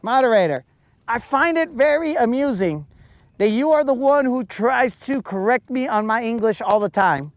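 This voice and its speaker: A man's voice: extremely high pitch, animated, moderate pace, dry recording. A man chatting casually on a live stream while fishing outdoors on a lake, ranting in a playful, mock-serious way and stretching out his words.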